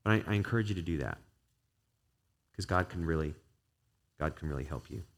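A man's voice: a bass voice, brisk. A man, a pastor, preaching an earnest and conversational sermon to his church, with a stretch of spoken prayer.

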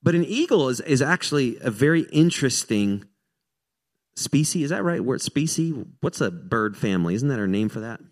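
A man's voice: medium pitch, lively intonation, moderate pace. An American man, a pastor, preaching a sermon in a casual, self-deprecating way, with frequent restarts and joking asides.

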